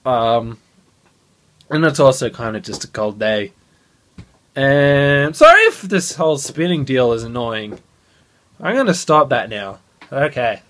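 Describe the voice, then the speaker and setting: A young man vlogging into a phone held at arm's length, excited and swearing a lot. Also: mid-range voice, unhurried, pauses often. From Australia. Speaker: gaming channel host. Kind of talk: casual vlog.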